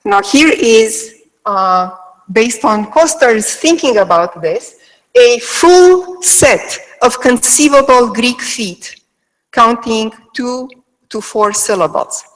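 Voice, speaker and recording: A woman's voice: on the high side, lively intonation, slow pace, long reverb tail, low-quality recording. A woman giving an academic lecture, explaining step by step and checking in with frequent "okay"s. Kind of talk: academic lecture on Greek meter. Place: lecture delivered to a remote audience.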